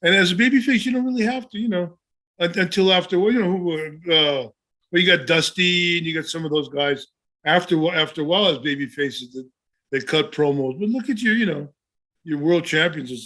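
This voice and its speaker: A man's voice: fairly high pitch, a little fast, bright, forceful tone. A man in his seventies, a former wrestler co-hosting a podcast, telling stories in a rambling way with many restarts. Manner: rambling, full of restarts and "you know". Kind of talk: casual storytelling chat.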